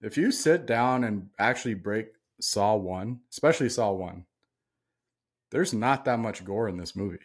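A man's voice: on the low side, expressive, unhurried. A man co-hosting a casual movie podcast, talking bluntly and ranting with plenty of swearing. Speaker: podcast co-host. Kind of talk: casual chat.

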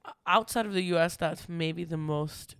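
A man's voice: a little high, moderate pace, fairly bright tone, clean tone, dry recording. An American man in casual podcast chat, storytelling with plenty of "like" fillers. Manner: chatty, lots of "like" fillers. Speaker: podcast co-host.

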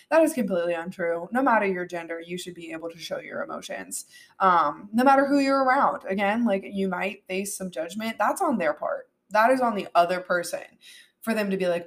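A woman hosting a solo podcast, earnest and animated, with plenty of "like" and "um". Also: medium pitch, fairly quick. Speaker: podcast host.

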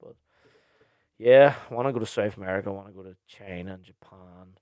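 A man's voice: fairly low pitch, brisk, warm tone, no echo. A young man, hosting a podcast and answering listener questions in a blunt, sweary, rambling way. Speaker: podcast host and DJ.

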